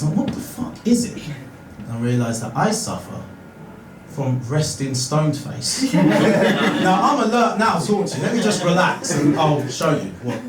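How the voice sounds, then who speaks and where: Young man, Essex accent, stand-up comedian, sweary and self-mocking, lively pitch, echoey small venue, loud laughter. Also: background noise. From Harlow, Essex, England. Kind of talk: live stand-up comedy set. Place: small pub theatre room. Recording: echoey room heard from far off, loud audience laughter.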